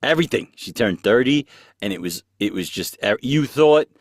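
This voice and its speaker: A male co-host with a lively voice that swings widely in pitch trades jokes on a podcast. His voice is close and dry. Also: normal speed, no echo. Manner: playful, joking. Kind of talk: casual chat.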